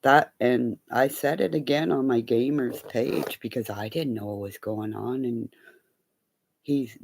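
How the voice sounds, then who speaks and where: This middle-aged woman, a live streamer, has a low, rumbling, creaky voice and speaks unhurriedly over slight background noise. In casual chat she spins rambling, profane stories, animatedly acting out the voices of the people in them.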